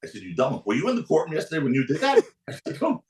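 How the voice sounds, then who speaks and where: A man's voice: quick pace, roomy sound, rough recording. A man telling a courtroom story on a podcast as a guest attorney, acting out the people in it with big swings in his voice. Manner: animated, acts out quotes with big pitch swings. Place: podcast studio.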